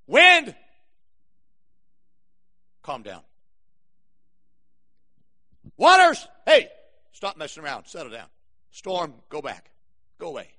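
Preacher putting on a commanding Jesus, deep and steady, slow stern orders. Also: male voice, heavily acted. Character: commanding adult male Jesus calming a storm.

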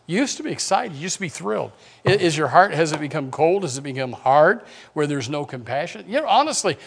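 A man preaching a conversational sermon as pastor, with repeated restarts and joking asides. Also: on the high side.

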